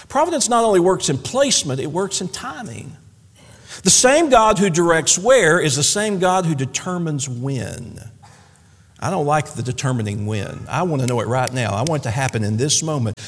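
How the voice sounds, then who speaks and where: A man preaching a sermon in a church, folksy and animated, with humorous asides. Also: on the high side, gravelly, breathy edge, long reverb tail. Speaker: pastor. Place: church sanctuary.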